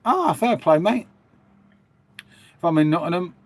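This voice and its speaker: Brief: matey man, middle-aged, a bit higher voice, rambling live-stream chat. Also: very animated, unhurried. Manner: chatty, rambling, matey, reading out viewer comments. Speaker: livestream host.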